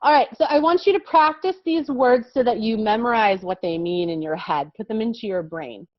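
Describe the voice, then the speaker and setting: A woman's voice: on the high side, normal speed, no room sound, lo-fi sound. An American woman teaching a kindergarten vocabulary lesson, explaining patiently and encouragingly and often checking that the children follow.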